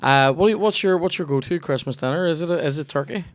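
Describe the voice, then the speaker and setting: A man's voice: a little high, fast talker, crowd noise. A young man with a Northern Irish accent hosting a podcast, rambling cheekily through ad reads and casual chat, swearing freely. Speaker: podcast host.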